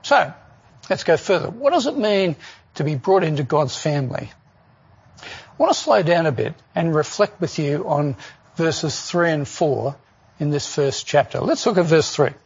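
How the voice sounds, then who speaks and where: Guy giving a sermon, husky voice, earnest, kinda muffled lo-fi recording. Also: fairly high pitch, expressive, moderate pace. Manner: earnest, with rhetorical questions. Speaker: preacher.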